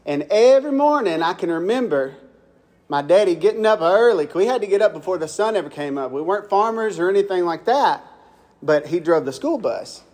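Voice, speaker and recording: A young man from Mississippi preaches with a Southern accent, his voice sitting high for a man. He tells homespun stories and keeps turning to the congregation with questions. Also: lively intonation, a little fast, darkish tone. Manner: folksy, asks the congregation questions. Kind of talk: folksy storytelling sermon.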